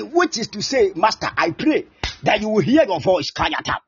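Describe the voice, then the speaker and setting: A man pastor preaching and praying fervently on an online prayer line, with impassioned, repetitive declarations and shouted peaks. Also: high-pitched, very animated, normal speed, breathy edge, no echo. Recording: dull lo-fi sound with faint music.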